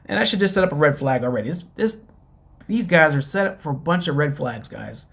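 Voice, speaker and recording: A man's voice: fairly high pitch, animated, fairly quick, vocal fry, fairly bright tone. A man casually recapping a reality show, rambling with lots of fillers and mocking asides.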